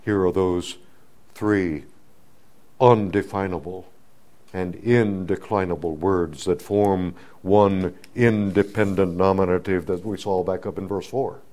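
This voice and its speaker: A man preaching a sermon, teaching slowly and deliberately, building to emphatic swells on key words. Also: low-pitched, fairly even intonation, warm tone.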